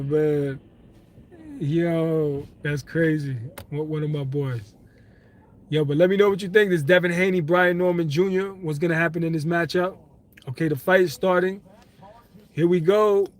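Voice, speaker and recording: Brief: young New male streamer, slangy, laughs a lot, fairly high voice. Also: takes it slowly, long pauses. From Brooklyn, New York. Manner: excitable, laughs often, slangy, talks to chat. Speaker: livestream host. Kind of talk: casual live stream chat, reading comments.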